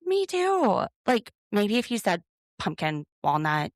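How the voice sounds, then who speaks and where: A woman co-hosts a podcast, recapping a reality show in a casual, opinionated, and sarcastic chat. She speaks slowly at medium pitch with huge pitch swings, in studio-quality audio with no room sound.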